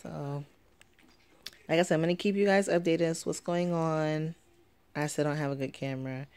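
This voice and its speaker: A woman's voice: low-pitched, fairly even intonation, normal speed, darkish tone, clear, resonant tone. A young woman vlogging casually from home, rambling and chatty with many fillers. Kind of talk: casual vlog talk. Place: home, at night with sleeping baby.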